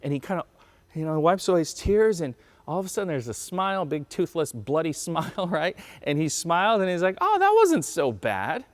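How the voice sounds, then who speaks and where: A man's voice: a little high, fairly quick, no echo. A man in his thirties preaching a conversational sermon, telling stories in a self-deprecating way. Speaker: pastor. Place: church during lockdown livestream.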